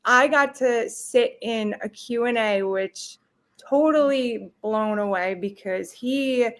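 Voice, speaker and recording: A woman's voice: a little high, slow pace. A woman guest telling her story in a casual, emotional way, fumbling over her words.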